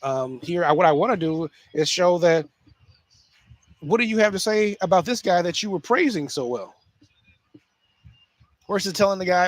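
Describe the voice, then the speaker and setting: Animated man talking football, dry sound. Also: a little high, moderate pace, long pauses, no room sound. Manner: animated, repeats himself, frequent restarts and fillers. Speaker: sports talk host. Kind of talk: casual solo sports commentary.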